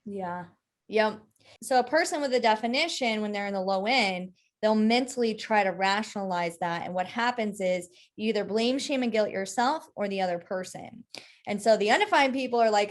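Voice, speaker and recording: A woman's voice: medium pitch, normal speed. A woman co-hosting a casual discussion, explaining human design concepts and often checking in with "right?". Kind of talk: casual teaching chat.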